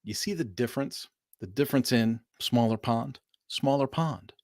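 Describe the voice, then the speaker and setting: Calling his viewers "folks," this middle-aged Southern Californian livestream host spins animated, casual stories directly to his audience. His middle-pitched voice moves at normal speed and is captured close and dry, with no echo or room sound.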